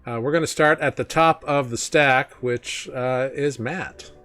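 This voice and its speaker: A man hosts a tabletop game stream as its game master, speaking in a relaxed, casual way full of small fillers and easy laughter. His voice sits at an ordinary middle pitch, and faint music plays quietly underneath. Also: a little slow, clear, resonant tone.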